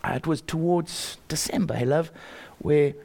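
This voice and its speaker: An older man with a South African accent, telling a personal faith story in an earnest, animated way, often repeating words and chuckling. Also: on the high side, normal speed, vocal fry.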